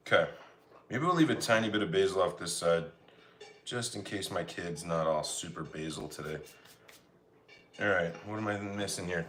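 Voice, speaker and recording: A man's voice: on the low side, fairly bright tone, slight background noise. A man from Colorado casually chatting with his livestream chat while he cooks, reading out and answering the comments. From Colorado, United States. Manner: chatty, reads chat comments aloud, easygoing. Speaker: livestream cooking host.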